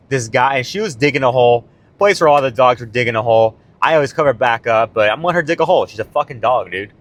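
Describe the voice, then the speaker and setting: A man's voice: medium pitch, fairly bright tone. A man talking casually to camera about a self-help book and coaching, swearing freely and tagging on "man" and "right?". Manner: profane, laid-back, peppered with "man" and "right?". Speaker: self-improvement vlogger and coach.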